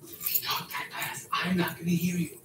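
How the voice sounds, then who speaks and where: An actor playing a husband who presses his wife for the truth, halting and insistent. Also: high-pitched, monotone, natural voice. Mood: pressing. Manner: halting, pressing for a straight answer. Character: hurt husband demanding the truth. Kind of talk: film drama acting. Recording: echoey, far off, noisy room playback.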